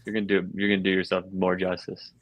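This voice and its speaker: A man hosts a podcast, full of upbeat, joking bro banter. His voice sits fairly low and sounds close and dry, with little room around it. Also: completely flat delivery, fast talker, dry recording. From Georgia, US. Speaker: podcast host. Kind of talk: casual interview chat.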